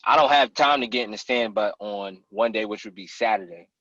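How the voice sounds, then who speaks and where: A man as a podcast guest, chatting casually and telling animated stories about hunting. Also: fairly low pitch, fairly quick, no echo, highs cut off. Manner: animated, acts out people in his stories. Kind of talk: casual storytelling chat.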